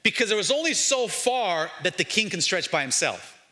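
Male pastor, lively sermon, jokes with the congregation, bright tense voice, fairly high. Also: normal speed. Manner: lively, joking, calls out to the congregation. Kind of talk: energetic sermon. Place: church.

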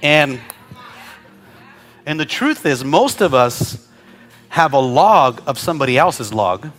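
A male pastor preaching a sermon, talking conversationally with humorous asides to the congregation and building to shouted prayers. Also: medium pitch, very animated, slow, faint music behind.

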